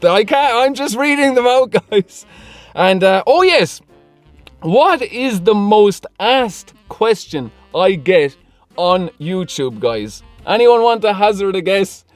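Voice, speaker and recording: Chatty high-voiced man. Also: lively intonation, slow pace, no room sound, faint music behind. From Ireland. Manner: chatty, laughs often between lines. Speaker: car vlogger. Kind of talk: casual Q&A vlog, reading comments.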